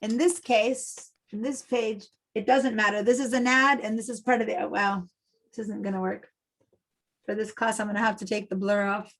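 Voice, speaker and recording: Brief: middle-aged woman from Argentina, design teacher on a video call, some vocal fry, chatty and explanatory. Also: mid-range voice, fairly even intonation, normal speed, a bit bright, low-quality recording. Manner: chatty, explains step by step with many fillers. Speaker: design instructor. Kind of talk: online class teaching. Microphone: computer mic on a video call.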